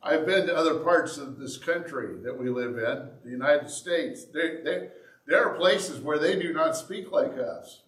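A man's voice: on the high side, measured pace, a bit bright. A man with a Southern Indiana accent, preaching a sermon as a pastor in a folksy, joking way. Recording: roomy sound from a distance.

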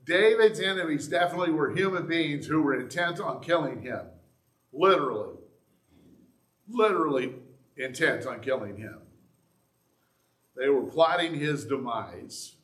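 A man's voice: a little high, a bit bright, echoey room. A man, a pastor, preaching a sermon in a conversational, earnest way, teaching from the Bible.

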